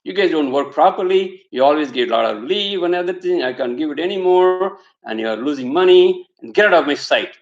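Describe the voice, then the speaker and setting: A man's voice: fairly high pitch, expressive, fairly quick, hardly any pauses, natural voice. A man voicing an angry office boss who scolds a worker. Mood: scolding. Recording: echoey room, slightly dull sound.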